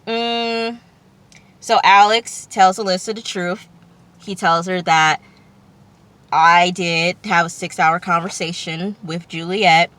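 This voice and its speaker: A woman's voice: lowish voice, steady tone, slow pace, a bit bright, no room sound. A woman recapping a TV episode for her vlog in a loose, slangy way, swearing freely and making chatty asides. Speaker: TV recap vlogger.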